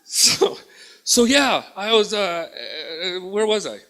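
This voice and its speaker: A man's voice: sits high, takes it slowly. A man performing a stand-up comedy set in a theatre, telling stories with acted-out dialogue and bantering with the crowd. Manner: animated storytelling, acts out both sides of dialogues, banters with the crowd. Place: theatre stage.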